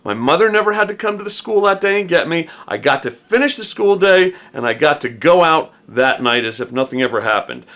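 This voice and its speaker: Middle-aged man, slangy storyteller, bright voice with a lot of pitch swing. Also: a little fast, hardly any pauses. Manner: animated, slangy, peppered with "dude" and "man". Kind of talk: casual spoken storytelling.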